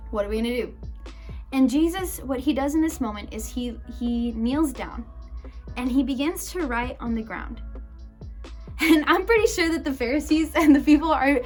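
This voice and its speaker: A young woman preaching to a youth group in a loose, conversational storytelling style. Her voice sits fairly high and she keeps a chatty, animated flow. Soft music plays faintly behind her. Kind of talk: casual youth sermon, storytelling.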